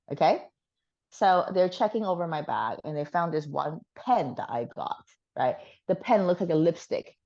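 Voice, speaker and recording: Woman guest, low voice, animated chatty storyteller who swears casually; dull lo-fi sound.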